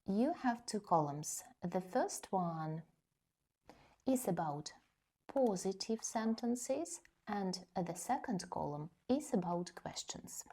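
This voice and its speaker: Slow husky woman teaching grammar. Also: on the low side, dark tone. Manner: slow, careful explaining with spoken examples. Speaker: English teacher. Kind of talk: grammar lesson.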